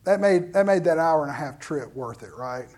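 A man's voice: a little high, moderate pace. Man preaching a storytelling sermon. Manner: animated, acts out quoted voices. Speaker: pastor.

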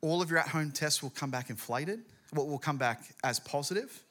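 A preacher voicing a senior doctor who delivers bad news in a low, solemn, apologetic tone. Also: male voice, a little fast, sharp tone. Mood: grave.

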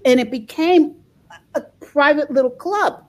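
An older woman from the United States, speaking in a conversational interview, reflective, pausing and repeating words as she thinks. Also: sits high. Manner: reflective, pauses and repeats words, laughs softly.

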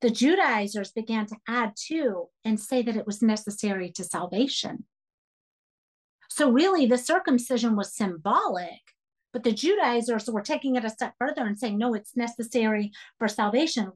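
A woman's voice: on the high side, expressive, normal speed. A woman leading a Bible study for women, speaking earnestly and emphatically and urging listeners to take notes.

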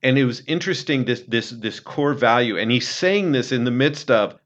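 A man telling a story in an earnest, conversational way, dropping low and quiet when he quotes someone. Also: lively intonation, moderate pace, hardly any pauses, dull audio. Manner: earnest, retells a film scene, drops low and quiet for quotes. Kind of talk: casual storytelling talk.

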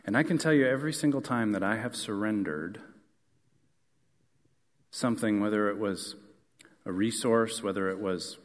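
Male pastor, low register, earnest sermon delivery, long hall reverb. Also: moderate pace, long pauses. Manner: earnest, rising to emphatic questions then dropping soft.

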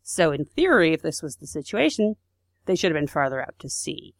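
Casual female podcast storyteller, lowish voice, dry close sound. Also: very animated, a little fast, vocal fry, dry recording. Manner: chatty, with fillers and asides. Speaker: podcast co-host.

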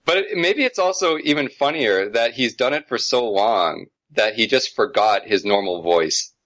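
A man's voice: mid-range voice, normal speed, dry recording. A man in easy film-review chat, his voice rising and falling a lot as he explains a point and breaks into laughter. The sound is close and dry, with no room around it. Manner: chatty, laughs often, animated explanations. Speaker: podcast co-host.

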